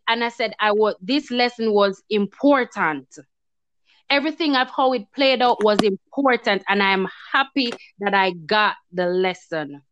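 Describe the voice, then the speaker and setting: A woman with a fairly high voice tells a heartfelt personal story, animated and expressive. She slips into her own past words as she tells it. The sound is dry and a little muffled, like a lo-fi recording. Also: no echo. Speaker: guest telling her story. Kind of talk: emotional testimony in casual chat. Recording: dull, lo-fi sound.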